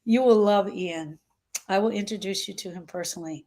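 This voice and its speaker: A woman's voice: medium pitch, moderate pace, darkish tone. A woman hosting a grief-coaching livestream, talking to viewers with emphatic repetition and reading their comments aloud. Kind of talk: live-stream talk to viewers.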